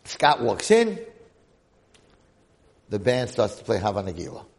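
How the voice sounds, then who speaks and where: Gravelly older rabbi telling a story. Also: male voice, fairly low pitch, measured pace. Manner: animated storyteller, dramatic swings in loudness. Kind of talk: storytelling talk to a congregation.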